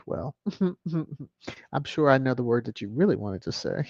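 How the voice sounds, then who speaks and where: Slow, playful woman livestream host. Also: sits low, darkish tone, dry recording, muffled recording. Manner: playful, chuckling, teasing asides. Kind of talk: casual livestream chat, reading viewer comments.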